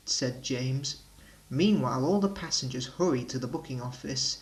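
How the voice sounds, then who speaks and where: A man narrating a children's railway storybook with gentle, expressive storytelling. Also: medium pitch, normal speed, rough recording.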